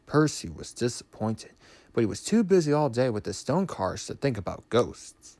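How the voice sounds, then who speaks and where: A man reads a children's train story aloud with lively, expressive narration. His pitch moves a lot, and the recording is close and dry with no room sound. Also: normal speed, no room sound. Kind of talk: storybook reading with voices.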